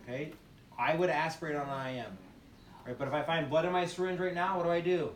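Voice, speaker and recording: A man teaching a nursing class, his voice somewhat high for a man. He talks emphatically, repeating key phrases like a drill and firing questions at the students. He was recorded from a distance in an echoey room with faint background noise. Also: steady tone, a little fast. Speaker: nursing instructor. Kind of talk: classroom demonstration lecture.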